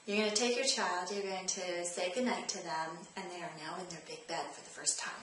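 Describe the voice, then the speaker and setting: Speaking a little fast with fairly even intonation, a woman with a lowish, slightly bright voice gives parenting advice straight to the camera in a coaching style, going back over her main points. There's slight background noise, a very echoey room, and faint ambience.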